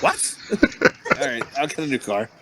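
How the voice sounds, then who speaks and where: Loud, lively, crude joking man. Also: medium pitch, unhurried, background noise. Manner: crude, profane and joking, laughing often. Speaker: podcast co-host. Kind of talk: casual movie review chat.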